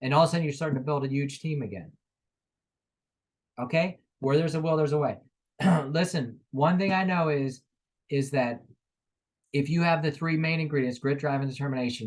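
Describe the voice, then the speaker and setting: A man with a fairly high voice runs a motivational sales training. He speaks with energy, switching into little acted-out conversations with customers to make his points. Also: brisk. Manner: energetic, acts out sales dialogues.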